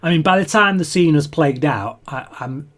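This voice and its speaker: A man's voice: on the high side, moderate pace, a crowd in the background. Chatty man laughing through a review. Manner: chatty, laughs often, restarts sentences. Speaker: podcast co-host. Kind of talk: casual episode review.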